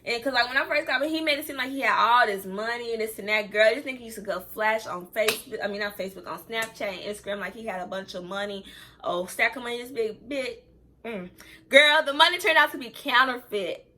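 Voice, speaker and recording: A woman's voice: on the high side, quick pace, bright, forceful tone. A young woman telling a personal story time on her vlog, candid and chatty, talking straight to her viewers and close to tears at times. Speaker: vlogger.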